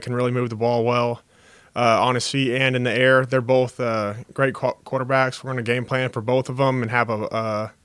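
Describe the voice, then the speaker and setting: Young man, college defensive player, earnest press-conference answers, crisp clean voice, dry close sound. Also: medium pitch, dry recording. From Texas. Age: young adult. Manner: steady, earnest, with frequent uh fillers.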